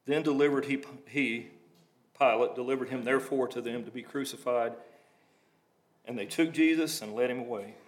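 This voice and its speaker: A man's voice: mid-range voice, moderate pace. A man preaching a sermon, reading scripture aloud and breaking into plain conversational asides to explain it.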